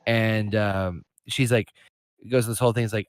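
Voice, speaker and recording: A man's voice: on the low side, normal speed, clear, resonant tone, dry recording. A man co-hosting a podcast, casually retelling a comedy routine, swearing freely and acting out the quoted voices. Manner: profane, animated storyteller acting out quotes in a raised voice. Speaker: podcast co-host.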